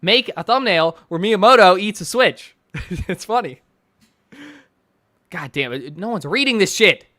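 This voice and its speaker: A man's voice: on the high side, pushed and bright, no room sound, clean studio sound. A man streaming live, reading chat and posts aloud with profane, mocking, ranting commentary. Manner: reads chat and posts aloud with sarcastic asides.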